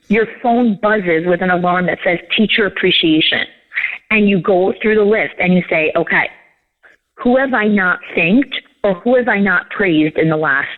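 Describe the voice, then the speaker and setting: A woman, a leadership coach, giving interview answers and telling stories with acted-out dialogue. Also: mid-range voice. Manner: animated storytelling, acts out quoted dialogue. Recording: tinny phone-like line.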